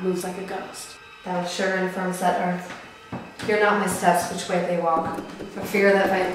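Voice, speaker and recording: A haunted Scottish nobleman, anxious and tormented, declaiming verse intensely, as a woman plays him. The voice rings through a very echoey room with clear music underneath. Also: lowish voice, close to an everyday voice. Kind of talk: stage acting of verse drama.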